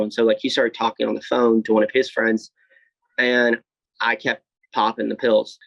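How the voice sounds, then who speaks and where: Young man telling his story, flat and low. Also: fairly quick, creaky, dry recording, lo-fi sound. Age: 20s. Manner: blunt, swears freely, many fillers and restarts. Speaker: podcast guest. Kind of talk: candid personal storytelling.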